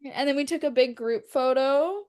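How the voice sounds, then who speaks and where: A young woman co-hosting a podcast, telling an animated story in casual chat and acting out what people said. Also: high voice, normal speed. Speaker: podcast co-host.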